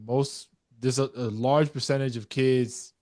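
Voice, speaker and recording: A man's voice: mid-range voice, steady tone, unhurried, darkish tone. A man from New York co-hosting a dads' podcast, telling stories animatedly and swearing casually. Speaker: podcast co-host. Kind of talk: casual chat.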